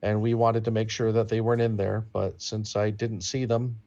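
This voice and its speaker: A man playing a tabletop game, speaking slowly and hesitantly and restarting his words. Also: on the low side, level tone, mellow, dull audio. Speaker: player.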